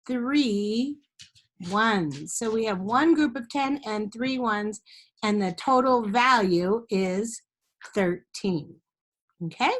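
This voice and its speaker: A woman's voice: on the high side, slow pace. A woman teaching a step-by-step math lesson to young children, patient, with sing-song chants and frequent check-ins.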